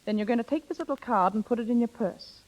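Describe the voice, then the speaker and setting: A woman's voice: a little high, animated, fast, darkish tone, rough recording. An actress playing a worldly older woman, a former secretary, coaxing and theatrical in a vintage radio drama. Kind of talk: 1940s radio acting.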